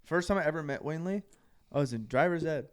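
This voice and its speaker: A young man with a high voice tells a funny story on a casual podcast. He swears freely and laughs as he goes. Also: fast, clean tone. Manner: animated storyteller, laughing, cursing. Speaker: podcast co-host.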